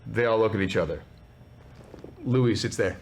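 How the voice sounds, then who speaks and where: A man narrating a tabletop role-playing game as game master, playful and quick to act out scenes. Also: fairly low pitch, vocal fry, background noise. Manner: animated, playful, acts out scenes.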